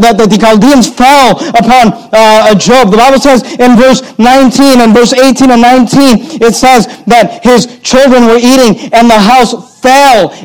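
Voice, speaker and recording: A pastor delivering a sermon, his voice sitting unusually high for a man. He preaches earnestly, poses rhetorical questions to the congregation and reads scripture passages aloud. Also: poor audio.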